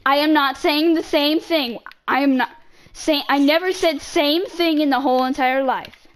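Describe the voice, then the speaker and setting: A woman with a high voice chats over a game. She teases and bosses, and she repeats her commands over and over. She sounds playful but stubborn. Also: moderate pace. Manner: teasing, bossy, repeats commands. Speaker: game chat player trolling a friend. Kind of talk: casual gaming voice chat.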